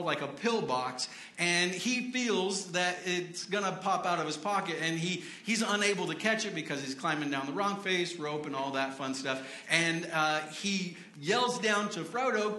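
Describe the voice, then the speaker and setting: A man's voice: fairly high pitch, moderate pace, bright, forceful tone, echoey room. A man preaching a casual sermon in church, chatty and self-deprecating, with many fillers and restarts.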